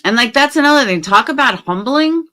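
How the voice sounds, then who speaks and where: A woman hosting a casual livestream, reading viewer comments aloud and answering bluntly, with swearing and quick jumps between low mutters and loud outbursts. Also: animated. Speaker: livestream host.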